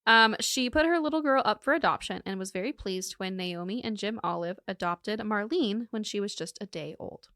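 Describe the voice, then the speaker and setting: A woman's voice: mid-range voice, moderate pace, few pauses, pushed and bright, no room sound, clean studio sound. A woman co-hosting a podcast, telling a true crime case in a casual, joking way and laughing often.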